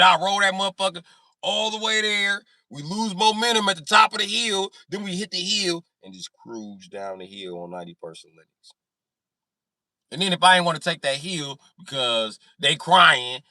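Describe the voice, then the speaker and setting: A man's voice: sits high, normal speed, pushed and bright, dry recording. A man telling profane stories casually on a live stream, acting out sounds and voices. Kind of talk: casual storytelling.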